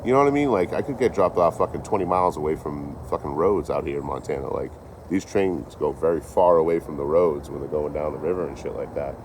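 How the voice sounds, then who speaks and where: A young man with a very low voice tells loose, swear-filled road stories in a casual live-stream ramble. He is recorded outdoors on a phone, and clear background noise runs under his voice. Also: fast talker. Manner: rambling, profane storytelling. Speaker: train-hopping traveler vlogger.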